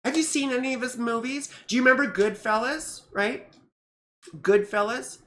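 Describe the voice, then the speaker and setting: A middle-aged woman astrologer speaks in a casual vlog recorded on a camera mic, her fairly bright voice on the high side at normal speed. She rambles through asides and keeps checking in with tag questions.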